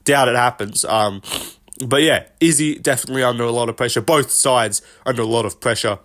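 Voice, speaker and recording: An MMA commentator gives casual solo commentary on fights, his banter blunt and profane. His voice is medium in pitch, fairly quick, and fairly bright in tone.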